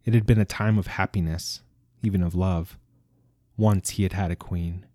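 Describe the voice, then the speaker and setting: A man reading a story aloud in a measured, expressive way. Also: low voice, no room sound, clean studio sound. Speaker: narrator. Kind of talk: scripted story narration.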